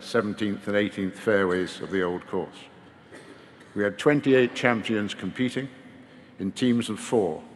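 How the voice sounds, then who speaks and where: A man delivering a formal memorial eulogy in a measured, gently wry manner at a podium microphone. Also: fairly low pitch. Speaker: eulogy speaker. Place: large hall at a memorial service. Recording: long reverb of a large hall.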